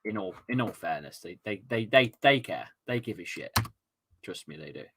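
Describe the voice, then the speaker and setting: Excitable, sweary East Midlands football fan. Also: male voice, on the low side, moderate pace, a little hiss or hum. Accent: East Midlands English. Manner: excitable, sweary, rambling banter. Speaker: host of a fan watchalong stream. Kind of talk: live football fan watchalong commentary.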